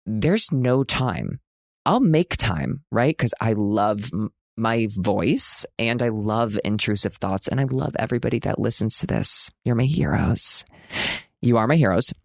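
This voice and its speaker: A man's voice: lowish voice, animated, measured pace, creaky, dry recording, clean studio sound. A man in his thirties hosting a casual podcast from a hotel room, chatty and self-mocking, now and then jumping into a big dramatic announcer voice. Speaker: podcast host.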